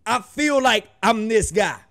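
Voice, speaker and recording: A man hosts a reaction video and talks loosely and jokingly to his audience. His voice sits high for a man. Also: animated, unhurried, creaky, fairly bright tone. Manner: laid-back, joking, talks straight to viewers. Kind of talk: casual reaction commentary.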